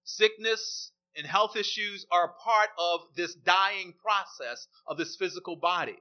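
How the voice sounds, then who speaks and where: A man's voice: high voice, unhurried. A man preaching a sermon, emphatic and repeating his key phrases for weight. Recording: dull lo-fi recording.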